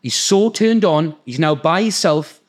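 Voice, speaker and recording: Geordie man, podcast host, sweary, animated, slightly high voice. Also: unhurried. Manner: sweary, animated, acts out the people in his stories. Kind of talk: casual storytelling.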